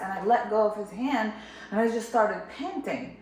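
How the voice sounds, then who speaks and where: A woman from Jerusalem candidly retelling a personal experience in an animated way. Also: mid-range voice, moderate pace, a little hiss or hum. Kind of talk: personal storytelling. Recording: echoey room.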